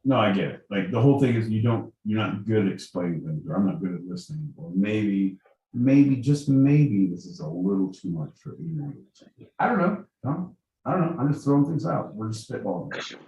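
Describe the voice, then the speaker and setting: A man's voice: fairly low pitch, expressive, moderate pace, dark tone, lo-fi sound, a little hiss or hum. A man co-hosting a casual comedic podcast, joking, swearing and interrupting. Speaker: co-host. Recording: roomy, away from mic.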